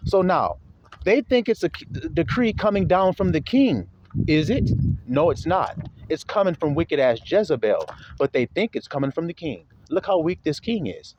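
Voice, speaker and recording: A man teaching a Bible passage to his followers in an animated, mocking, sermon-style commentary. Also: fairly high pitch, moderate pace, dull audio, noisy background. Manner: animated, mocking, laughing often.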